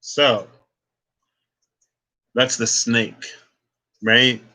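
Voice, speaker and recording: Young man, tarot reader, bright forward voice, rambling casual talk, restarts his sentences. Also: medium pitch, flat delivery, drawn-out words. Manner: rambling, restarts phrases, thinks aloud. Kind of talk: casual spoken tarot reading.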